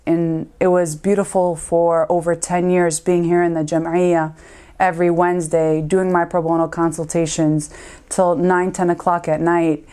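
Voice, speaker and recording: A community lawyer in her thirties, with a lowish, warm voice, gives an earnest and heartfelt tribute in a recorded interview. She often fills pauses with "um" and "uh."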